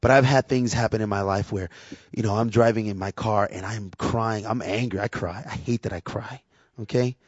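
A preacher and worship leader delivers a sermon in a candid, conversational way, acting out little quotes in lively voices. His voice sits on the low side at normal speed, with no echo, in a dull, dry lo-fi recording.

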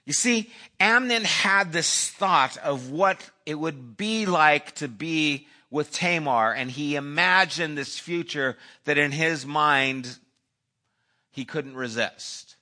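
A man's voice: a little high, slow pace, pushed and bright. A man preaching a sermon, telling a story and acting out its dialogue, sometimes dropping almost to a whisper. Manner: storytelling, acts out dialogue in voices. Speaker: pastor.

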